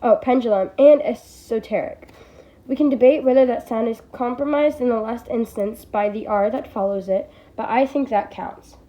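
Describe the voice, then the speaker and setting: A teenage girl reads a nonfiction book aloud in a homemade audiobook, her voice pitched a little high. She keeps a steady reading pace but sometimes trips over a word and starts it again. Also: normal speed, muffled recording. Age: teens. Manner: reads steadily, stumbling and restarting on words. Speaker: reader.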